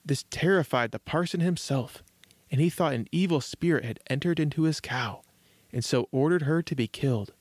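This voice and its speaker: A man's voice: a little high, slightly rough, dry recording. Man narrating a storybook, dry sound. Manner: measured, gentle reading. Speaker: storyteller host.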